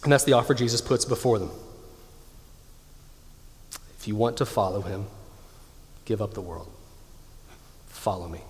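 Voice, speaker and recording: A man in his thirties preaching a sermon with emphatic delivery, slowing down to stress key lines. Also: fairly low pitch. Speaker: pastor. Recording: long hall reverb.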